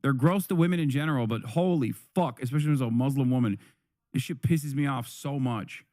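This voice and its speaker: A man's voice: medium pitch, a little fast, mellow, no room sound, clean studio sound. A man streaming live, reacting to a video with heated, profane commentary that often repeats and restarts. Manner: angry, profane ranting.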